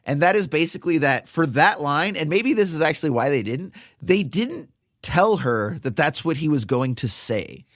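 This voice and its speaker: A man in his thirties co-hosting a casual film podcast, animated and acting out lines from the movie. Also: fairly high pitch, moderate pace, dry recording, studio quality. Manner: animated, acts out movie lines in funny voices. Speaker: podcast co-host.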